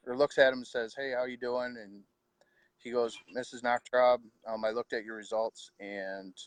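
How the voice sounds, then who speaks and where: A middle-aged man, quietly telling his own story of losing his wife, with halting pauses and heartfelt words. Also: medium pitch, no room sound. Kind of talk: personal storytelling.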